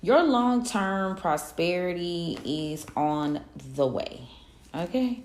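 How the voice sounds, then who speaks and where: A woman's voice: lowish voice, expressive, takes it slowly, roomy sound. A woman giving a casual collective tarot reading, talking in a loose, slangy pep-talk way. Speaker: tarot reader.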